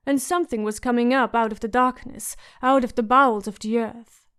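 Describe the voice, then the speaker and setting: A woman narrating an audiobook in a measured, suspenseful way. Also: a little high, steady tone, fairly bright tone, smooth. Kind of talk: scripted narration.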